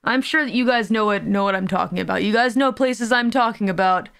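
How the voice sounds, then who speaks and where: A woman's voice: mid-range voice, brisk, vocal fry, a bit bright, slight background noise. A young woman streaming a video game, chatting casually with her audience, joking around and swearing freely. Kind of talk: casual live-stream commentary.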